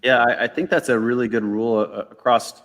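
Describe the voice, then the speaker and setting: A man hosting a live video interview, asking questions in a thoughtful, halting way and often repeating words as he starts. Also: mid-range voice, flat delivery, fairly bright tone. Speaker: host. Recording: reverberant room.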